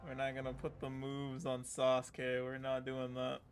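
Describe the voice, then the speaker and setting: A man's voice: mid-range voice, monotone, normal speed, soft background music. A man casually commenting on a game while playing, blunt and exasperated. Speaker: streamer.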